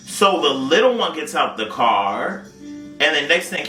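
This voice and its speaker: A man's voice: a little high, big pitch swings, measured pace, pushed and bright. A man co-hosting a casual podcast, telling a wild night-out story in slang, swearing freely. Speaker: podcast co-host. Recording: roomy sound, mic at a distance, faint music.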